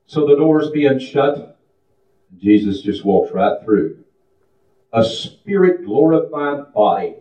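A man's voice: medium pitch, sing-song, slow, long pauses. A man preaching a sermon in a folksy style that builds into a fervent chant. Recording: distant, echoey, muffled room recording.

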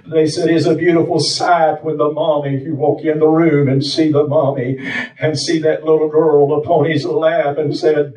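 A man's voice: fairly high pitch, level tone, moderate pace, warm tone. A man preaching a fervent sermon, telling a story in plain, colloquial rural speech. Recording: dull, roomy sound from far off.

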